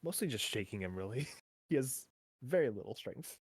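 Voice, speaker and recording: A player in a tabletop role-playing game, describing a character's actions with jokes and quick laughs. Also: mid-range voice, husky, no echo. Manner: lively, joking, quick to laugh. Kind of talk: casual tabletop play.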